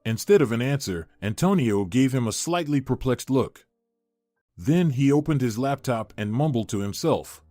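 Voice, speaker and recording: A man reading a scripted story in an even, steady storytelling manner. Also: mid-range voice, normal speed, no echo. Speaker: narrator. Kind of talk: scripted narration. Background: faint music.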